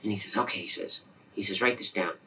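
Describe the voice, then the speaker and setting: Gravelly fast-talking man telling a story. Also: fairly low pitch, recorded from a distance, low-quality recording. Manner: animated, acts out quoted dialogue. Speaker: interviewee, friend. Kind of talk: anecdotal storytelling.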